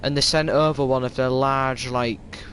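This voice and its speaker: A man with a Yorkshire accent talks through a live game stream at an unhurried pace. He tells stories in a stop-start way, full of restarts. A faint hum sits behind his mid-range voice. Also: mid-range voice, fairly even intonation, a bit bright, poor audio. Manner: rambling, stop-start storytelling. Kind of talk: casual live-stream chat.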